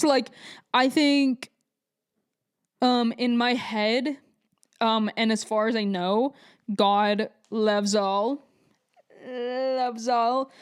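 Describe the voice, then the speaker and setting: A young woman hosting a podcast, telling a story in a blunt, profane, rambling way with lots of fillers, swinging between quick rants and slow drawn-out asides. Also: on the high side, darkish tone. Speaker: podcast host. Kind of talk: casual monologue.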